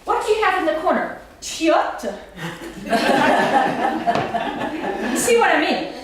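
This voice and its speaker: A woman's voice: very high voice, sing-song, slow, background noise. A woman presenting a stage comedy sketch in a chatty, digressing way, heard from far off in an echoey hall.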